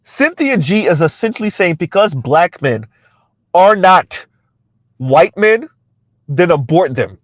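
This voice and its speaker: High-pitched man, blunt mocking commentary, dry dull lo-fi sound. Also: sing-song, slow pace, pauses often, no room sound. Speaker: commentary channel host. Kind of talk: casual social media commentary.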